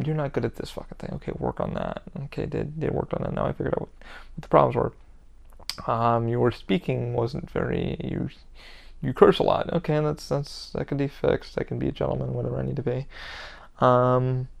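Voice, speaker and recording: Gravelly man, candid rambling podcast talk. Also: mid-range voice, darkish tone. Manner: heavy cursing, rambling and candid. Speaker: podcast host. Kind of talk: casual personal monologue.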